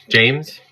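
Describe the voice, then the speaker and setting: A man hosting his own livestream, talking straight at his chat in a heated, defiant rant. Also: bright, forceful tone. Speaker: livestream host.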